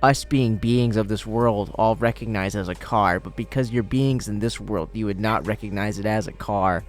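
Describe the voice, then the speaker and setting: A man's voice: on the low side, moderate pace. A man narrating a tabletop game as game master in a laid-back, joking way. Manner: laid-back, laughing, swearing. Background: faint music.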